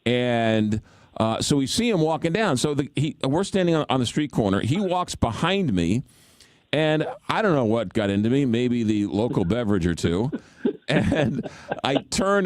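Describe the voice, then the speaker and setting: A man hosting a radio talk show, telling a story in an animated, self-mocking way. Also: mid-range voice, normal speed, dry recording.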